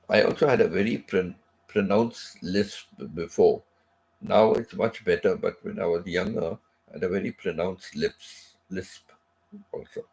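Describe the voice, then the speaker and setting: A man's voice: low voice, a little slow, a little mellow. A middle-aged man hosting a live stream in casual chat, rambling and repeating himself with many asides while recovering from feeling sick. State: unwell, recovering from sickness.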